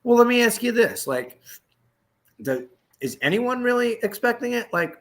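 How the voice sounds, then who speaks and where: A man's voice: very high-pitched, sing-song, moderate pace, fairly bright tone. A man hosting a podcast in loose, profane casual chat, laughing often. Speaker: podcast host.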